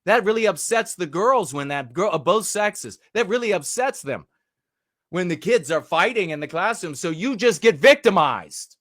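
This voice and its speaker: Male commentator, higher-pitched, scornful ranting delivery, dry close sound. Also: expressive, moderate pace, fairly bright tone, dry recording. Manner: angry, mocking, with many fillers and restarts. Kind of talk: ranting commentary on a news clip.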